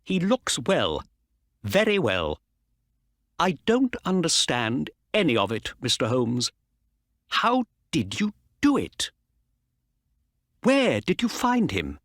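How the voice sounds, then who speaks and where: A man putting on an excitable older horse owner. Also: on the high side, takes it slowly, pauses often, dry recording, clean studio sound, pitched above the performer's own voice, full character voice. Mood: puzzled. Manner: excited, exclaiming.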